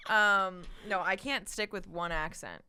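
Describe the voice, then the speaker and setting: A young woman from Boston co-hosting a casual comedy podcast, loud and excitable, often breaking into laughter. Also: medium pitch, a little slow, slight background noise. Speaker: podcast co-host.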